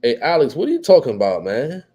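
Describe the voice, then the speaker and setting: A man's voice: mid-range voice, huge pitch swings, quick pace, mellow. A tired man doing casual live fight commentary, reading viewers' chat and answering it in a laid-back way, full of repeats and fillers. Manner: laid-back, repeats himself, many fillers like "what have you".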